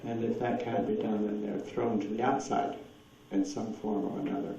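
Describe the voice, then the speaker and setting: At a lecture with audience Q&A, a man rambles through anecdotes and answers questions, laughing frequently. His voice is fairly low, dark, and creaky, with a level tone at normal speed. The recording comes from a distant, echoey room and sounds dull and lo-fi with hiss.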